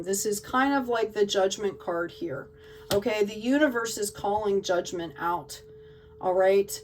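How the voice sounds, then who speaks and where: A woman's voice: medium pitch, unhurried, distant mic, a little hiss or hum, low-quality recording. A woman giving a tarot card reading to her viewers in an emotional, gushing way, often checking in with "okay?". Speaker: tarot reader.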